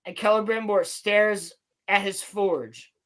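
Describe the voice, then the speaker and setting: Animated, swearing woman recapping a show. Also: mid-range voice, takes it slowly. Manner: animated, profane storytelling. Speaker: podcast co-host. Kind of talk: casual chat recapping a TV episode.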